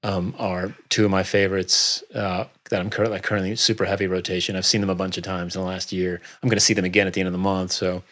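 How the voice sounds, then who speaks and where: A middle-aged man guesting on a podcast, talking in a relaxed, rambling way with many fillers. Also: low voice, fast talker, hardly any pauses. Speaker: guest author. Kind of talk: casual interview chat.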